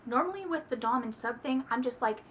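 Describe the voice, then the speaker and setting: Young woman gushing about a book, high voice, lots of dramatic oh my gods, slight background hiss. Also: fairly quick. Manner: gushing and animated, dramatic exclamations. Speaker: book reviewer. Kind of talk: casual book review chat.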